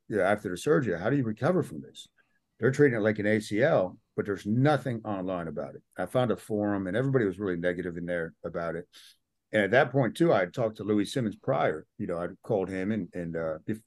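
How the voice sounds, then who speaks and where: In a casual interview, a middle-aged man appearing as a podcast guest relates a personal story, animatedly acting out what people said. His voice is fairly low, with no echo.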